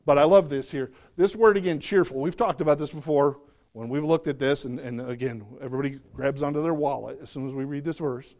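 A man preaching a sermon as pastor, talking conversationally and jumping into excited, high bursts. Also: fairly quick.

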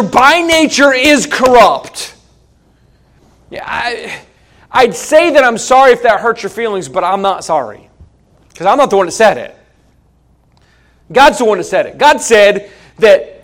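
Folksy male preacher, unusually high-pitched, emphatic sermon delivery. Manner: folksy, emphatic, rhetorical questions.

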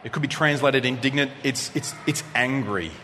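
A male pastor delivering a sermon, preaching expressively and swinging from loud passages to hushed ones. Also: medium pitch, fairly quick. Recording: long reverb of a hall, faint noise.

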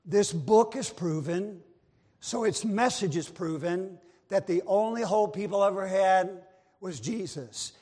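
Emphatic preacher with a high voice. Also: male voice, measured pace, dark tone. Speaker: Baptist preacher. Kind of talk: sermon with storytelling. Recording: long reverb of a large hall.

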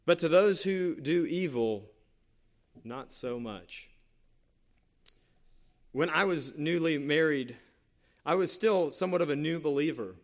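A man preaching a sermon in a slightly higher voice than most men. He talks earnestly and conversationally, repeating phrases as he works through scripture and a personal story. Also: lively intonation, unhurried, pauses often. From San Jose Bay Area, California. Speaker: pastor.

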